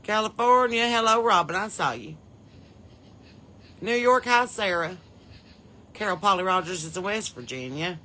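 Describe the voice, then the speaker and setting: A woman's voice: mid-range voice, expressive, normal speed, pauses often, bright, forceful tone, slight background noise. A woman with a Southern US accent hosting a casual podcast livestream, greeting viewers by name and home state in a chatty, folksy way. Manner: chatty, folksy, reads out viewers' names and places. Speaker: podcast host.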